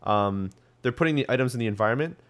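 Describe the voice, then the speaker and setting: A man's voice: medium pitch, animated, fast talker. A young man hosting a podcast, chatting casually about gaming news with lots of ums and restarts. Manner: rambling, full of ums and restarts. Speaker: podcast host.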